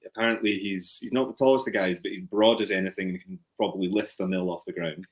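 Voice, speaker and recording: This is a man with a fairly low voice, a brand ambassador guesting on a whisky chat. He tells stories in an easygoing way and gently mocks his own jokes. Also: steady tone, quick pace, low-quality recording. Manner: easygoing, self-deprecating storyteller. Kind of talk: casual anecdote-telling.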